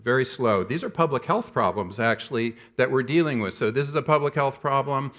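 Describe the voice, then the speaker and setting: A man in his fifties delivers a conference keynote as a public health professor. He tells stories with animated energy and self-deprecating humor. His voice sits in a middling register. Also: medium pitch, a little fast.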